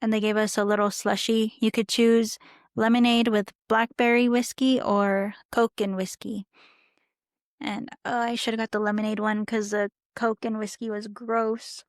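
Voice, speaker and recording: A woman's voice: on the high side, flat delivery, moderate pace, dry recording, clean studio sound. A young woman chatting casually as a podcast guest, telling a travel story in a rambling way with lots of fillers. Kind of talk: casual chat.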